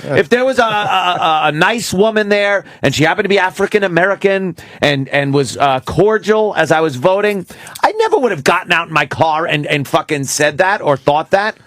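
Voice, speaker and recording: A man's voice: high-pitched, animated, normal speed, fairly bright tone, no room sound. A middle-aged man hosting a radio talk show, telling a rambling, profane story with many restarts.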